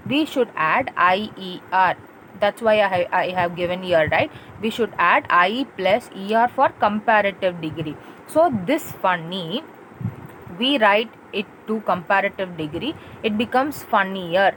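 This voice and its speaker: A woman's voice: mid-range voice, slight background noise, poor audio. A woman teacher, patiently explaining a grammar lesson to a class of schoolgirls, spelling out letters and asking check-in questions. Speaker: English teacher.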